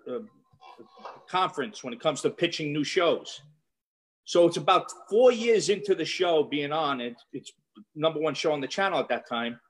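A man with a thick Brooklyn Italian accent, speaking a little higher than most men. He talks bluntly and swears freely, spinning stories in easy, casual conversation. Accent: Brooklyn Italian New York. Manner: blunt, profane, storytelling. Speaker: guest, former police detective. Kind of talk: casual chat.

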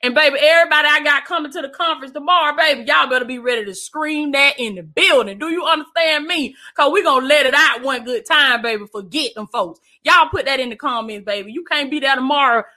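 Woman preacher on a livestream, high voice, keeps calling folks baby, real emphatic. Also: fairly quick, hardly any pauses, bright, forceful tone. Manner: emphatic, repetitive, calls listeners "baby". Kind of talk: livestream sermon with viewer shout-outs.

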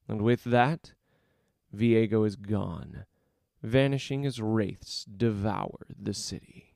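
A man's voice: lowish voice, slow, vocal fry, darkish tone, dry recording, studio quality. A man hosting a storytelling podcast, narrating expressively and chatting casually at the end.

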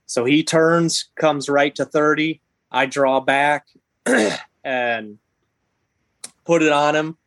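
Animated storytelling man, higher voice. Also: no room sound. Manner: animated, halting retelling with many restarts. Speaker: guest. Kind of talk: casual podcast storytelling.

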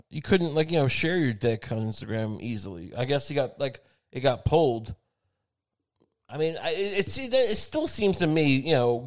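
A man delivering a rambling comedic monologue in a sardonic, crude tone. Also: fairly high pitch. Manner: rambling and sardonic, with frequent fillers and crude swearing.

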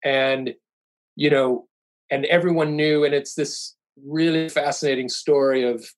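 A man's voice: fairly high pitch, fairly even intonation, unhurried, low-quality recording. A middle-aged man, a podcast guest, telling stories in casual chat and rambling through restarts and fillers.

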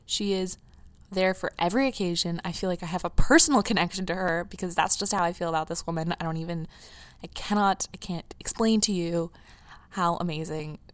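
A teenage girl chats into a close, dry microphone on her own podcast. Her voice sits a little low, and she rambles and restarts as she gushes, close to tears the whole time. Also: brisk, no room sound. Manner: gushing, emotional, rambling with restarts. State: near tears. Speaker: podcast host. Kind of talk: casual solo podcast chat.

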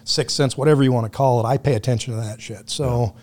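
A man's voice: mid-range voice, steady tone, fast, a little mellow. A man talking as a podcast guest, telling road stories in a blunt, profane, casual way. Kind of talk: casual conversation.

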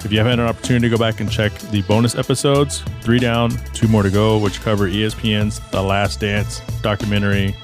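A man with a lowish voice wraps up his podcast in a relaxed, upbeat way, running through thanks and plugs. Faint music plays softly behind him. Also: fast talker, few pauses. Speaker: podcast host. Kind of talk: casual podcast outro.

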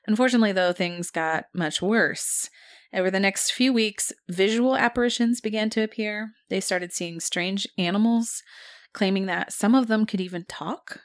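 A woman co-hosting a podcast, casually telling a spooky story and laughing often. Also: mid-range voice.

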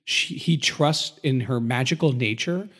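A man's voice: medium pitch, unhurried, breathy edge. Easygoing man podcast co-host. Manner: relaxed, agreeable, jokey asides. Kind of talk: casual podcast discussion.

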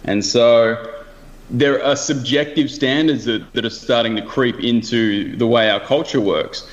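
A man's voice: mid-range voice, a little slow. A man with a mid-range voice talks casually, thinking aloud and circling back on his own phrases. The recording sounds dull and lo-fi. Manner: loose, thinking aloud with restarts and asides. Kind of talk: casual conversation.

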